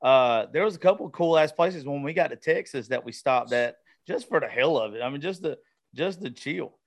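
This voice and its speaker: Relaxed male host, slightly high voice, slangy, stumbles into sentences. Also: fairly quick. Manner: laid-back, slangy, stammering starts. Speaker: podcast host. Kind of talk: casual chat.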